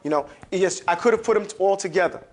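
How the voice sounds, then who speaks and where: A man's voice: sits high, fast. A man teaching an Arabic alphabet class, explaining and drilling syllables emphatically for students to repeat in a classroom.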